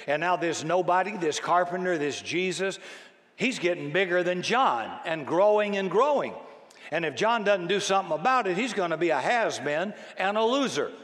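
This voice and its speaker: A man's voice: a little high, fairly bright tone. An older man and grandfather preaching a conversational, self-deprecating sermon who acts out the voices in his stories. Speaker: pastor. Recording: long hall reverb.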